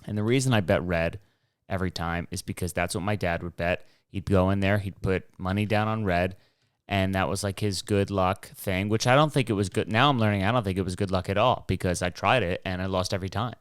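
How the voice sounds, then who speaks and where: A man's voice: deep voice, brisk, clean tone, no room sound, studio quality. A young man hosting his own show, rambling casually through a story, swearing freely and acting out what people said. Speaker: podcast host. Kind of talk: casual solo rambling monologue.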